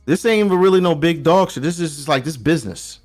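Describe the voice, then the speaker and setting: A man from New York with a New York accent, chatting casually as a guest and telling animated stories in loose slang. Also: on the high side, quick pace, soft background music. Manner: animated storyteller, acts out quoted voices, loose slangy talk. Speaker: podcast guest. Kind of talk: casual chat. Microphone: remote call.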